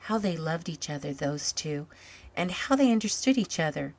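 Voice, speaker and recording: Calm woman reading a story. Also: sits low, moderate pace. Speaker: story reader. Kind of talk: scripted storybook narration.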